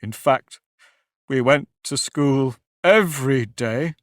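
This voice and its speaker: A man's voice: medium pitch, no room sound, studio quality, natural voice. Type: a man voicing the Mock Turtle. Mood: mournful. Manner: slow, drawn-out, mournful delivery. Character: sorrowful male Mock Turtle, sighing and sobbing. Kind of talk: audiobook character voice.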